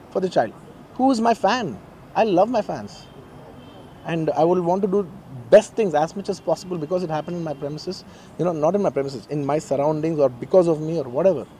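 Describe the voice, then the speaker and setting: A middle-aged man with a Telugu accent gives a fast, insistent press statement in a dark, mellow, slightly high voice, repeating phrases to drive his point home. Faint outdoor ambience sits behind him. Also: a little hiss or hum. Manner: earnest, insistent, repeats himself. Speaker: actor at a press conference. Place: press meet in a garden.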